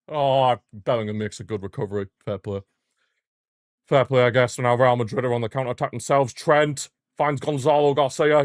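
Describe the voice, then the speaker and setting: A young man streaming a live football watchalong, chatting as a fan and shouting when his team scores. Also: fairly low pitch, no room sound, studio quality. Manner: excitable fan, bursts into shouting at goals. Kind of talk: live match watchalong commentary.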